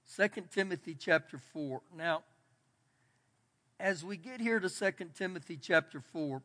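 A man's voice: sits high, a little slow, pushed and bright. A man pastor giving a sermon in a church, preaching in an emphatic, folksy way. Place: church sanctuary. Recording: long church hall reverb.

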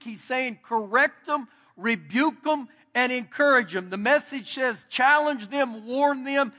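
A man's voice: extremely high pitch, pushed and bright. A man pastor giving a sermon in a church, preaching in an emphatic, folksy way. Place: church sanctuary. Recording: long church hall reverb.

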